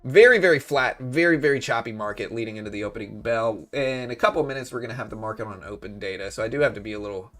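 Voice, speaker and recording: A man's voice: mid-range voice, fast, few pauses, a bit bright. A young man hosting a live trading stream, joking around and chatting with viewers. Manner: joking, chatty, talks to chat. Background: faint music.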